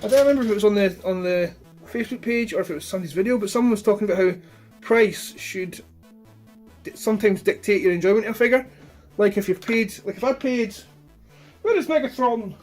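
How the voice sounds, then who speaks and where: Man, high-pitched, blunt, rambling casual chat, light background music. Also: fairly quick, darkish tone. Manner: rambling, blunt, swears freely. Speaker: toy collector reviewing his figures.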